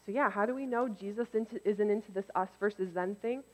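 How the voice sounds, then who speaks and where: Woman preacher, casual delivery, mid pitch, long hall reverb. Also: quick pace. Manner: conversational, animated when quoting others. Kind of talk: casual sermon.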